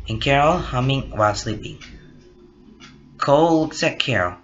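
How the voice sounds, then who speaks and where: A man's voice: lowish voice, expressive, moderate pace, fairly bright tone, muffled recording. A man who is sick, hosting his own channel and reading a story aloud, apologetic about how his voice sounds.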